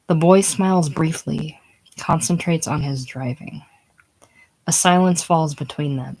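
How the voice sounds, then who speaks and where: A woman's voice: low voice, a little slow, darkish tone, low-quality recording. A woman casually reading the stage directions of a screenplay aloud. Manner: reads stage directions plainly. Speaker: reader.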